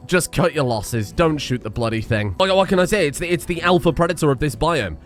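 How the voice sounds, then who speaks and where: Man, casual game commentary, lively swooping pitch, faint music behind. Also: brisk. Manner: chatty, excitable, swears often. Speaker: gaming streamer.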